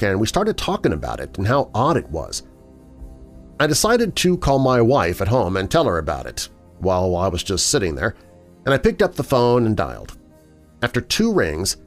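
A man hosting a show and narrating listener horror stories in a measured storytelling manner. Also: on the low side. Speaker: host and narrator. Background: faint music.

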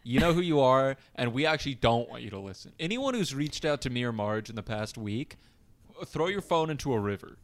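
A man's voice: mid-range voice, very animated, fairly quick. Guy cohosting a chatty podcast, rambly and self-deprecating, jokes around a lot. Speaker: podcast co-host. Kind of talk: casual chat.

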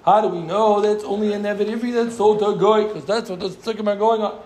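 High-voiced man teaching in an echoey room. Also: fairly even intonation, quick pace, a little mellow. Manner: repeats phrases, joking asides to students. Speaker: Talmud teacher. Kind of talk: casual Gemara class teaching.

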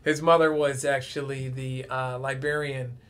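A man's voice: mid-range voice, normal speed. A man from the Detroit area, a guest telling stories in a casual way and acting out the people in them. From Detroit area, USA. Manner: animated, acts out the people in his stories. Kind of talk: casual storytelling.

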